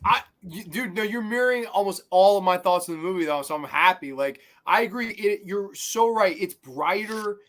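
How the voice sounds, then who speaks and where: A podcast host with a high voice talks about films at a moderate pace, hardly pausing. The discussion is casual but animated: he swears often and acts out scenes and quotes.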